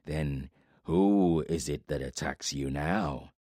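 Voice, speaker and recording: A man voicing a hulking giant warlord, calm and menacing, in an audiobook, speaking slowly and deliberately. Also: dry recording, clean studio sound, exaggerated voice. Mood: measured menace. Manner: slow, deliberate, rumbling.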